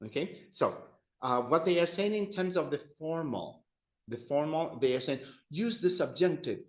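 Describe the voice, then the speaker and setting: A man's voice: a little high, lively intonation, normal speed. A man teaching an adult-education class, patiently walking students through conjugation drills and praising their answers. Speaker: Spanish teacher. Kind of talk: adult-education language lesson. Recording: roomy, dull classroom sound.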